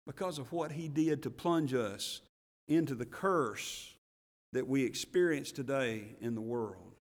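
A man preaching a sermon as pastor, swinging between loud emphatic passages and hushed, slow ones, and reading scripture in King James wording. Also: medium pitch, in a large hall. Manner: reads scripture aloud in King James wording with rising intensity.

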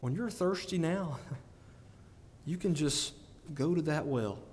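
Animated preacher in a reverberant church. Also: male voice, fairly high pitch, takes it slowly, slight background noise. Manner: animated, laughing often, rising to emphatic peaks. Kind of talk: sermon. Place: church sanctuary.

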